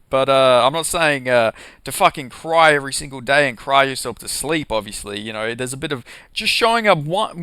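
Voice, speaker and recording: A man's voice: on the high side, bright, forceful tone, clean tone, no room sound. A young man doing a casual, profanity-heavy rant about MMA, heated and sarcastic, with lots of "like" and "you know". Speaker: MMA commentary vlogger.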